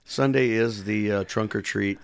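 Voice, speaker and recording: Gravelly-voiced man co-hosting a podcast. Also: lowish voice, unhurried, dry recording. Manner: relaxed, promoting a community event, many fillers. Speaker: podcast co-host. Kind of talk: casual chat.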